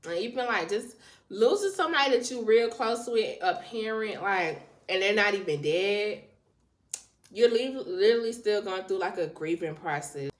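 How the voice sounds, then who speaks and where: A woman's voice: mid-range voice, expressive, moderate pace. A woman hosting a reaction video, talking casually and sympathetically straight to her viewers.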